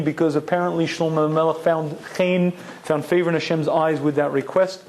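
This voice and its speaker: Emphatic higher-voiced male Torah teacher. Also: level tone, moderate pace, few pauses, darkish tone. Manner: emphatic, rhetorical questions, Hebrew terms. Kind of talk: recorded Torah lecture.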